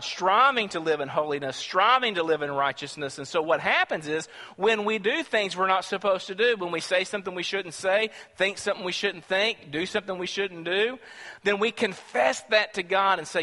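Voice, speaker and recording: A man preaching with an emphatic, questioning delivery, his voice fairly high and forceful. Long reverb from a large hall trails behind every phrase. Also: expressive, moderate pace. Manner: emphatic, rhetorical questions to the congregation. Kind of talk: sermon.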